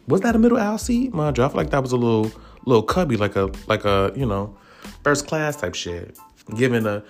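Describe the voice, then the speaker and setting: A man giving casual, profane celebrity gossip commentary on his vlog, animated and opinionated. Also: a little high, moderate pace, faint music behind. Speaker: vlogger.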